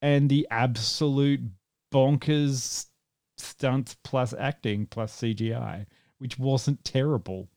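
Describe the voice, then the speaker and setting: A man's voice: mid-range voice, takes it slowly, darkish tone, no echo, studio quality. A man hosting a podcast in casual chat, rambling and joking, often laughing. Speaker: podcast host.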